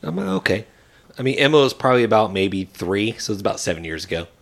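A man's voice: lowish voice, very fast. A man in his thirties telling a story in casual podcast chat, acting out the people in it. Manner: animated storyteller acting out quoted voices. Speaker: podcast co-host.

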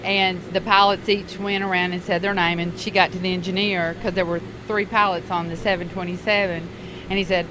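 A woman flight attendant telling a story and acting out the voices, deadpan. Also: lowish voice, fairly quick. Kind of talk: casual storytelling. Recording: audible background noise.

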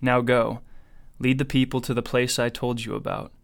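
A man voicing the Lord as a stern, almighty male God, with an even, measured reading delivery. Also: mid-range voice, lightly acted.

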